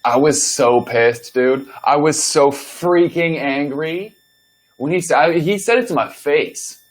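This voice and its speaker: A young man hosting a podcast, telling a story from his past jobs in a loose, animated, swear-filled way and acting out what he said back then. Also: a little high, slow pace, low-quality recording. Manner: animated, profane, acts out his own past lines. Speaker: podcast host. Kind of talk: casual storytelling monologue.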